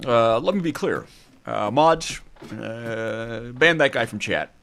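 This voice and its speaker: A man doing a halting statesmanlike politician. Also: medium pitch, expressive, creaky, a bit bright, clear, resonant tone, full character voice. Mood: solemn. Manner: halting, full of measured "uh" pauses. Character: a statesmanlike male politician addressing stream chat.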